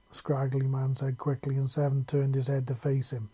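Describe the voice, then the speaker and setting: Husky-voiced man reading a story. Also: mid-range voice, fairly quick, hardly any pauses. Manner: casual, expressive, crude words. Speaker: reader. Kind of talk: reading fan fiction aloud.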